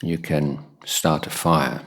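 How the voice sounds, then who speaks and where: A man, a Buddhist monk, giving a guided meditation talk at a retreat, pausing often with soft fillers. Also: very deep voice, fairly even intonation.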